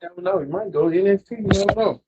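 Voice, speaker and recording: A man's voice: high voice, racing. A male show host giving loose, offhand commentary that introduces clips. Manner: loose, offhand, rough phrasing. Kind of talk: casual commentary. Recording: dull lo-fi mic with faint noise.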